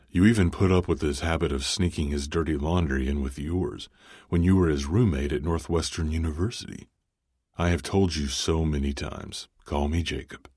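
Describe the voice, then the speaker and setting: Man doing a jolly older boss, super deep, bit husky, teasing. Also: darkish tone, no room sound, clean studio sound, heavily acted. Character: cheerful older businessman, company founder.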